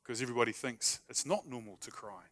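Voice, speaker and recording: Bright-voiced man preaching with humor. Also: medium pitch, fast talker. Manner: conversational and humorous, plays out short dialogues. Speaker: pastor. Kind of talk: sermon.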